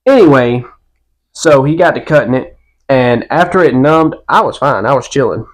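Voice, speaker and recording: A man's voice: mid-range voice, expressive, moderate pace. A man, co-hosting a podcast and telling stories in a laid-back, casual chat. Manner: laid-back storytelling with a Southern "y'all". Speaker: podcast co-host.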